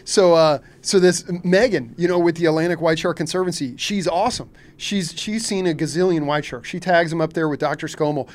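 Charter captain, man from Kentucky, chatty guest who laughs a lot, slightly high voice. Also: fairly quick, few pauses. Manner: animated, laughs often, frequent restarts and filler. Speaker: shark fishing charter captain, podcast guest. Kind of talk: casual storytelling.

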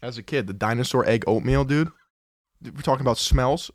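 A man's voice: mid-range voice, a little fast, dry recording, studio quality. A man co-hosting a podcast, chatting casually in a laid-back, teasing way. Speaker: podcast co-host. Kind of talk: casual chat.

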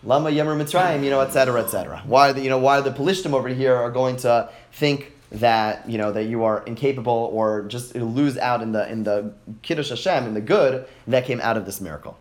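A man leads a classroom text study with animated energy. He reads verses aloud, translates them and keeps praising his students' answers. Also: mid-range voice, a little fast. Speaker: teacher.

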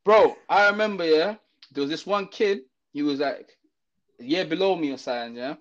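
High-voiced man. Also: normal speed. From Zimbabwe. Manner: animated, slangy, lots of fillers and restarts. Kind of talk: casual storytelling chat. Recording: dull lo-fi audio.

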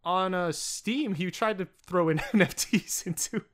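A man's voice: high-pitched, a little slow, a bit bright. A young man co-hosting a podcast in casual chat, rambling with lots of fillers and frequent swearing. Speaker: podcast co-host.

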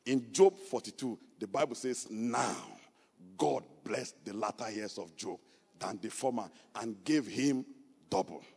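A man's voice: fairly low pitch, expressive, a little slow, vocal fry, breathy edge. Nigerian man preaching in echoing hall. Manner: storytelling, rising to loud emphatic preaching. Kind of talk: sermon testimony.

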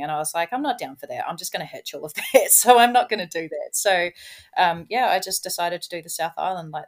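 Lively New Zealand woman, lower voice. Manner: lively, laughs often, many "like" and "you know" fillers. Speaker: guest, hiker. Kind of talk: casual storytelling in a podcast interview.

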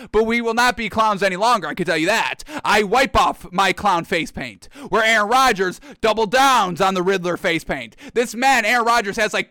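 A man's voice: high voice, pushed and bright, dry recording. A man hosting a sports show, ranting brashly and mockingly about football teams and players while calling his viewers "folks". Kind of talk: animated sports opinion rant.

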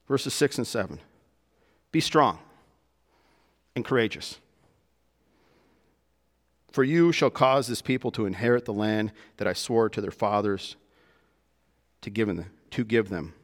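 Animated male preacher in a reverberant hall. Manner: animated preaching, dropping to soft emphatic lows. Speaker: pastor. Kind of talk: sermon.

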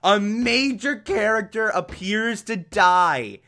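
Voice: mid-range voice, animated, takes it slowly, pushed and bright. A reviewer recapping an old TV episode in casual, sarcastic, exasperated commentary. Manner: sarcastic, exasperated, bursts into laughter.

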